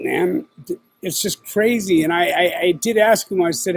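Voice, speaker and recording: The recording is rough, and the middle-aged man's high, creaky voice is expressive and unhurried. As host of his own podcast, he chats casually on a livestream, rambling through profane street slang with lots of filler words.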